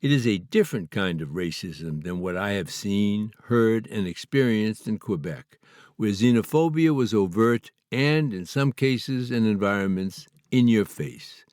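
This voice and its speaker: A man from Canada reading his own memoir aloud in a measured, earnest, slightly formal way. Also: lowish voice, animated, a little mellow, no echo, studio quality. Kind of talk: memoir audiobook narration.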